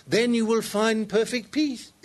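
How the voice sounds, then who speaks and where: A man doing a calm Buddhist golfer with an Indian accent. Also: high-pitched, background noise, pitched above the performer's own voice. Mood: serene. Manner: slow, gentle, patient advice.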